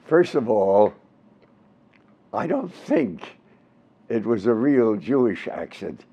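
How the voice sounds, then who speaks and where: A man's voice: on the low side, takes it slowly, breathy edge, dull audio. A man in his nineties with a Brooklyn accent, telling old stage stories in an interview and slipping into comic voices. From Brooklyn, New York. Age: 90s. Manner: animated storyteller, bursts into comic voices and sung bits. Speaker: interviewed performer. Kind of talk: casual interview with comic impressions.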